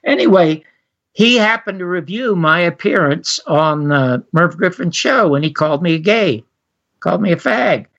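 A man's voice: moderate pace, creaky, dull audio. An older man, a former talk show host, telling a story in an interview, acting out what other people said. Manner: animated, acts out others' lines with raised pitch. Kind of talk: anecdotal storytelling.

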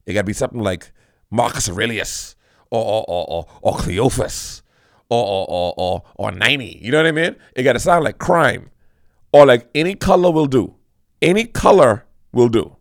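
A man doing a comedic monologue in an animated, teasing, rambling way, addressing the audience directly. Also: mid-range voice, normal speed, creaky, dry recording, studio quality.

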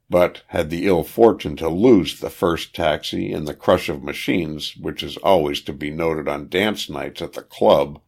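Deep gravelly male audiobook narrator. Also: a little mellow. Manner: measured, gives characters raised voices in dialogue. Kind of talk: scripted narration of a period detective novel.

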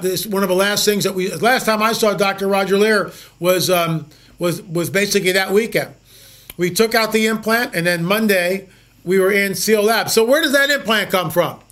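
A man with a notably high voice tells stories as the host of a show. He talks emphatically, doubles back on words and throws out rhetorical questions. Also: fairly bright tone. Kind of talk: storytelling monologue.

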